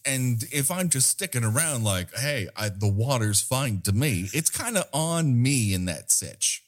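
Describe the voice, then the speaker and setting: A man hosting a podcast in casual chat, with a playful, showman-like delivery into a boom-arm microphone. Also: animated, measured pace, few pauses. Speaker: podcast host.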